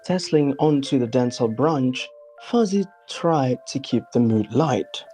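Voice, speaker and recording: A woman reading a children's bedtime story aloud in turns, relaxed and quick to laugh, with soft music behind her. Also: very deep voice. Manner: laughs easily, relaxed and playful. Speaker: storybook reader.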